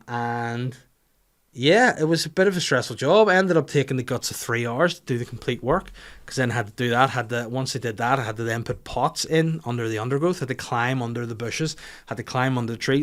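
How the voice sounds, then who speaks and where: Northern irish guy in his 30s doing a podcast, sweary rambling comic storytelling, mid pitched voice. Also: a bit bright. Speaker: comedian podcast host. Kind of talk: casual comic monologue.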